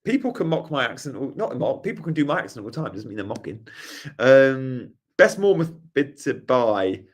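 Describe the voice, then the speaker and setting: A young man hosting a live stream Q&A, reading chat questions aloud in a jokey, casual way, his voice hoarse after a night out. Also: mid-range voice, big pitch swings, moderate pace. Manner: reads chat questions aloud, jokey, tries silly regional accents. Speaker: host.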